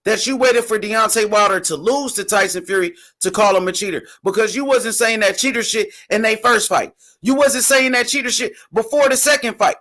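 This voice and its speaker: A man's voice: high-pitched, a little fast, few pauses, bright, forceful tone. A man hosting a boxing show, arguing heatedly and insisting on being heard. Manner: insistent, interrupting, keeps saying bro. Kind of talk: heated casual debate.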